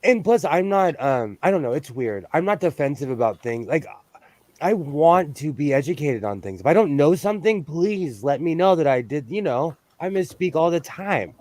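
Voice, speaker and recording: A man's voice: a little high, expressive, moderate pace, darkish tone, dry recording. A man from the US West Coast hosting a casual sewing livestream, rambling from topic to topic and laughing often. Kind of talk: casual chat while sewing.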